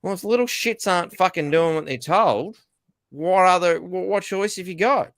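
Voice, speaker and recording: A ranting Australian man on a casual podcast, heavy with sarcasm and swearing. His voice sits fairly high for a man. The sound is dry and close, with no room around it. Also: moderate pace, fairly bright tone, no echo. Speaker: podcast co-host. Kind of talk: casual political chat.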